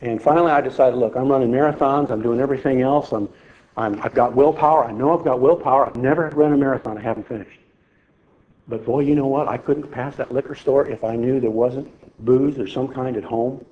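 A man's voice: mid-range voice, steady tone, a little fast. A middle-aged man preaching a folksy sermon, speaking to the congregation conversationally. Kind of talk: sermon with personal testimony. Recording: slightly dull lo-fi sound.

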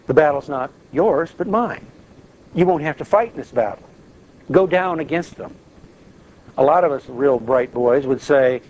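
A man leading an informal Bible study, lively and acting out prayers as he talks. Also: medium pitch, highs cut off, a little hiss or hum. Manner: animated, acts out prayers and quotes.

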